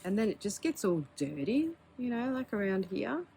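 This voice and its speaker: A woman's voice: medium pitch, very animated, moderate pace, gravelly, mellow, a little hiss or hum. A woman, chatting casually and candidly as she shows her pens, with filler words and small laughs. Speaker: pen hobby vlogger. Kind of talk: casual show-and-tell.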